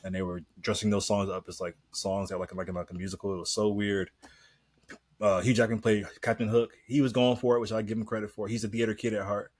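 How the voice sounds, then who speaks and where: A man co-hosting a podcast in casual chat, relaxed, leading the questions and laughing easily. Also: on the low side, fast talker, dry recording, clean studio sound. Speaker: podcast co-host.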